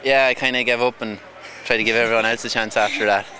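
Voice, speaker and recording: A man's voice: mid-range voice, fairly even intonation, fast, bright, forceful tone, low-quality recording. A man, a jockey, chatting casually outdoors at a race track, out of breath and joking at himself. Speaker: jockey being interviewed. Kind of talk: casual chat. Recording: outdoor noise behind.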